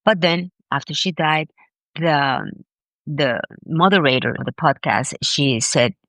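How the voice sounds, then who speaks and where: A woman being interviewed as a grief expert, telling a personal story in an animated, emphatic way and often repeating words. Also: sits low, a little slow, no room sound. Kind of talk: conversational storytelling.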